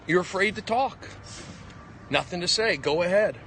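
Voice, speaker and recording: Combative ranting man, bright voice. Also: expressive, normal speed, slight background noise. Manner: combative, jumpy pitch, ranting. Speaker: comedian livestreaming. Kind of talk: rambling live stream monologue. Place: outdoors on a city walk. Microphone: phone at arm's length.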